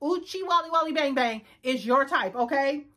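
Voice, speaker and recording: A woman in her thirties recapping a reality dating show in a sassy, loud, casual way, switching speeds and pitch often. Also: moderate pace. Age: 30s.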